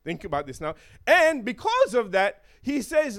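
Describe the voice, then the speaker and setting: A man's voice: very high voice, sing-song, normal speed, a bit bright. A man preaching a sermon in a playful way, chuckling often and checking in with his listeners.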